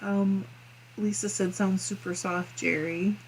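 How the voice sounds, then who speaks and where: A woman hosts a relaxed crafting livestream, reading out viewer comments one by one. She talks at an unhurried pace in a middle-pitched voice. Her talk is giggly, and she often breaks into laughter and coughs between comments. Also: a little hiss or hum. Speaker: fiber arts channel host.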